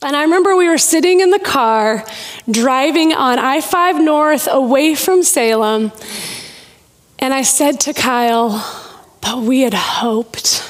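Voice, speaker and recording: A woman's voice: high voice, lively intonation, unhurried. A woman in her thirties preaching a sermon, telling personal stories with playful asides.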